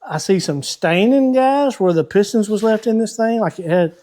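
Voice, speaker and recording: A man, hosting a car-building vlog from his shop, chatty and folksy as he thinks out loud while he works. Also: sits high, normal speed. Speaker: host of a car-building channel. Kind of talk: casual shop vlog talk to viewers.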